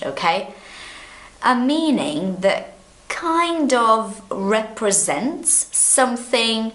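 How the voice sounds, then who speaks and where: A Brazilian woman teaches English with a lively, swooping voice, and her Brazilian Portuguese accent comes through. She talks slowly and with emphasis, repeating her key phrases, in an echoey room. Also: mid-range voice. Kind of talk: English lesson to camera.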